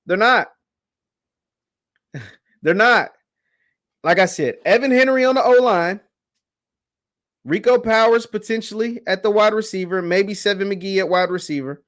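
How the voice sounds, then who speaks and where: A man's voice: high-pitched, moderate pace. A man hosting a casual sports talk show, talking emphatically and repeating phrases for stress.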